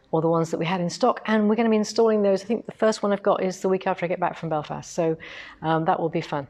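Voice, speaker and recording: A middle-aged woman with a lowish, slightly mellow voice hosts a livestream for a quilting shop from inside a quilting machine showroom. Her chat is casual and rambling, with asides as she repositions the camera on its tripod.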